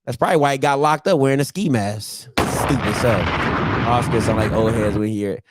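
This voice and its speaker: A man, hosting a casual sports chat to camera, ranting and poking fun at old-timers with loud put-on voices. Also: mid-range voice, brisk, slight background noise. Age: 30s. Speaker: show host.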